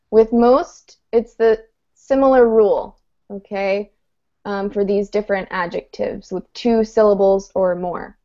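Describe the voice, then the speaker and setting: A woman's voice: mid-range voice, darkish tone. A woman teaching an online English lesson, explaining grammar patiently and checking in with her students. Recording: muffled video-call audio.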